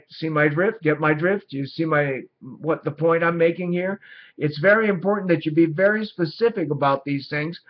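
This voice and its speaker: Slow, deliberate middle-aged man coaching. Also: fairly high pitch. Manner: slow, deliberate, repeats himself to drive a point. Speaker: acting coach. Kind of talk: casual teaching talk. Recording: dull lo-fi sound.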